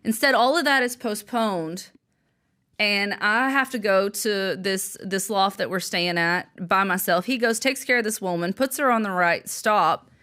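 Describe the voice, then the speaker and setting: A woman's voice: medium pitch, measured pace, clean tone. A young adult woman recounting a story as an interview guest. She tells it with animation, voicing the people in it and laughing along the way. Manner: animated storyteller, acting out quotes with a lively laugh. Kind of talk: storytelling in conversation.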